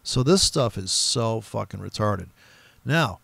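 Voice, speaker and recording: Gravelly male trader, casual and profane, rambling over his charts, close dry mic. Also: on the low side, lively intonation, slow pace, fairly bright tone, dry recording. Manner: rambling, profane, mimics other traders in quoted voices. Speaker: forex trader streaming his trading. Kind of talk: profane casual trading commentary.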